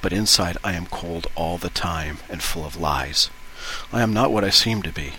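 Low-voiced guy reading book bits out loud, faint hiss behind. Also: moderate pace, poor audio. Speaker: reader of book excerpts. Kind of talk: reading passages aloud.

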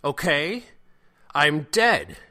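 A man's voice: on the low side, extremely slow, heavily acted. A man voicing a terrified, delusional young man who whimpers and breaks into panicky outbursts. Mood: panicked. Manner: whimpering, panicky, swings to shouting.

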